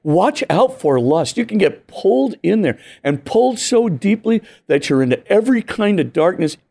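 A man's voice: high-pitched, sing-song, moderate pace, gravelly, warm tone. A man, a priest, explaining earnestly and emphatically in an interview, full of "you know" and "right?" asides. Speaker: priest and guest author. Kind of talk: animated teaching talk in an interview.

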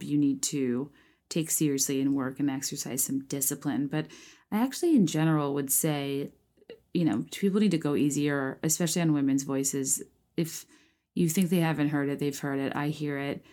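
A woman in her thirties chatting casually as a podcast host, rambling with lots of fillers, restarts and "like", with a touch of vocal fry. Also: sits low, dark tone. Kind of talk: casual chat, reacting to listener prompts.

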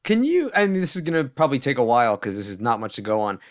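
A man plays a tabletop role-playing game in a smooth, resonant voice. He speaks haltingly, with restarts and pauses as he works out what his character does. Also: medium pitch, very animated. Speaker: player. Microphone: remote recording.

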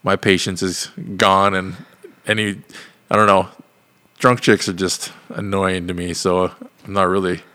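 A man's voice: deep voice, flat delivery, unhurried, pushed and bright. A man co-hosting a podcast, telling a rambling, profane story with laughs in a casual chat. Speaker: podcast co-host.

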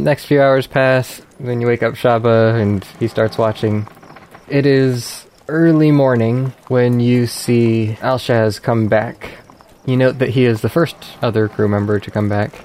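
Game master, male, gravelly tone, measured scene-setting narration for a tabletop game. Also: medium pitch, darkish tone, slight background noise.

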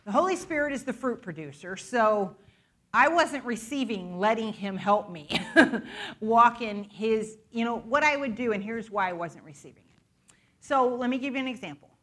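A woman delivering an informal sermon in a church, her voice bright and forward. She talks candidly and conversationally, like she is chatting with friends, and laughs easily at herself. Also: a little high, animated, moderate pace. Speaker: guest preacher. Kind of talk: informal sermon with personal testimony. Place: church sanctuary.

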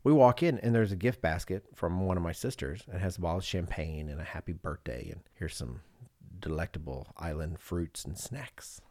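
A man's voice: low-pitched, normal speed, a little mellow, no room sound. A man in his thirties, a podcast co-host, telling a travel story in casual chat and slipping into voices of the people in it.

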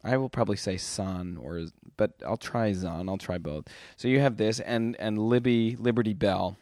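A man hosting a relaxed, casual chat, talking softly and meandering, often trailing off into quiet asides. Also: on the low side, normal speed, no room sound, clean studio sound. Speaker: podcast host. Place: indoors, lying on a couch cushion on the floor.

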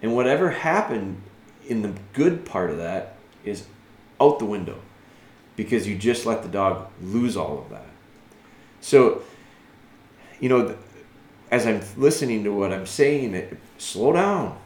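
A man giving patient, earnest dog-training advice as a podcast host, thinking aloud and dropping soft and slow when he models calm commands. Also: on the low side, roomy sound. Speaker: dog trainer answering a listener.

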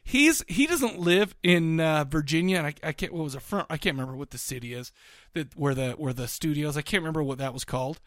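A man co-hosting a podcast in casual chat, rambling with many restarts and fillers, excitable and quick to laugh. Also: on the high side, no room sound, studio quality. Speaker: podcast co-host.

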